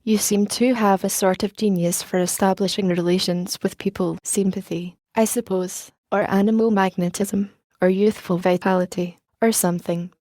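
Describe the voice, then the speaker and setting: A woman's voice: mid-range voice, fairly even intonation, moderate pace, few pauses, mellow, dry recording, lightly acted. A woman reading the part of an old, kindly, dry-humoured news editor, with a light Scottish lilt, in an audiobook. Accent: Scottish, put on.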